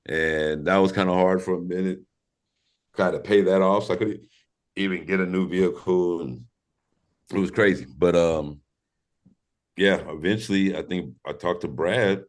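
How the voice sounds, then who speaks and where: A man's voice: low voice, steady tone, moderate pace, long pauses. A man from St. Louis, Missouri, a former pro skateboarder and podcast guest, telling stories in a laid-back, profane way and laughing through them. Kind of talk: casual storytelling interview.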